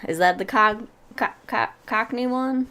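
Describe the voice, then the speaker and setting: A woman co-hosting a casual podcast, playful and quick to laugh. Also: a little high, pushed and bright. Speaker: podcast co-host. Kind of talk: casual chat.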